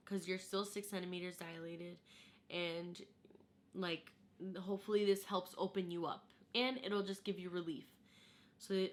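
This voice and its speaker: Bright-voiced young woman telling a story. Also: mid-range voice. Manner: animated, acts out quotes of herself and others. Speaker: vlogger. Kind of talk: casual storytelling to camera.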